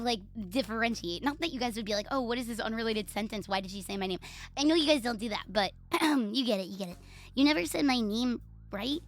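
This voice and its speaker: Playful, profane Puerto Rican woman streamer. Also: fairly high pitch. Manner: playful, profane, teasing and self-mocking. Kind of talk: casual live-stream chat.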